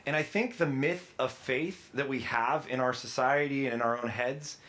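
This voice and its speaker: A man's voice: medium pitch, normal speed, a bit bright. A man preaching a sermon, telling stories in a casual, chatty way and acting out the people he quotes. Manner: casual storytelling with quoted voices. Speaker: pastor.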